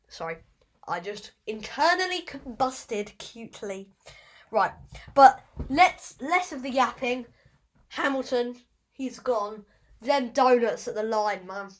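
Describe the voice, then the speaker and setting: A woman's voice: a little high, lively intonation, takes it slowly. A woman hosting a casual podcast, rambling and fumbling over her words with self-deprecating asides. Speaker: podcast host.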